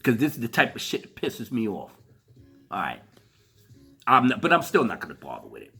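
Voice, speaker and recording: A man's voice: mid-range voice, wildly swooping pitch, fairly quick, vocal fry, bright, forceful tone, breathy edge, soft background music. A man giving a heated, profane ranting commentary, laughing through his rant. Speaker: commentary vlogger.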